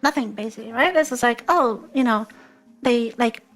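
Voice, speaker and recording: Rambling woman interviewer, high voice. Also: moderate pace, fairly bright tone, faint music behind. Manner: rambling, many fillers and throat clearing. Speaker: guest interviewer. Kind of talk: casual interview chat.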